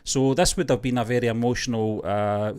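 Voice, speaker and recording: A man's voice: medium pitch, fairly even intonation, a little fast, a little mellow, clear, resonant tone. A man co-hosting a movie news show, chatting casually and reading news aloud with lots of fillers. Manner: chatty, rambling, with frequent fillers. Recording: online show livestream.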